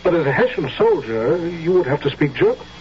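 An actor playing a grave, authoritative general questioning a soldier in a 1970s radio drama, from a dull old broadcast recording. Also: male voice, on the high side, very animated, slight background noise. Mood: probing. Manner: measured, authoritative. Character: stern commanding general, probing and grave.

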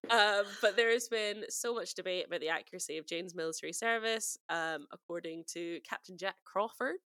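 A woman's voice: fairly low pitch, brisk, a bit bright, clear, resonant tone, no room sound, clean studio sound. A woman co-hosting a podcast in casual chat, talkative and prone to laughing. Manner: chatty, giggly, lots of fillers. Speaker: podcast co-host.

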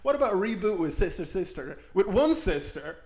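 A man co-hosting a comedy podcast in loose, casual banter. His voice sits a little high and swings up and down constantly. He keeps throwing in exaggerated mock voices between laughs. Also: big pitch swings, brisk, a loud crowd. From Ireland. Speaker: podcast co-host.

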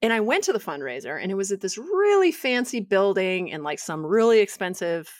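A woman co-hosting a podcast, telling a story in a casual, animated way and acting out the quotes. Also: medium pitch, brisk, dry recording, studio quality. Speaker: podcast co-host, yoga teacher.

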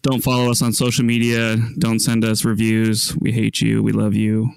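Deadpan man with a flat voice. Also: lowish voice, moderate pace, creaky, smooth, dry recording. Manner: deadpan, flat ironic delivery. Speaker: podcast co-host. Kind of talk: casual chat, reading the outro.

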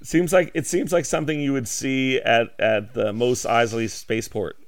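A man's voice: mid-range voice, steady tone, moderate pace, no room sound. A man co-hosting a podcast in casual chat, cutting in with teasing banter. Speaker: podcast co-host.

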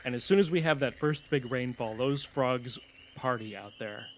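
A man's voice: mid-range voice, normal speed, slight background noise. A man hosting a podcast, talking in an easygoing, affirming way. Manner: easygoing, affirming, wraps up with sponsor thanks. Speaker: podcast host. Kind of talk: casual chat.

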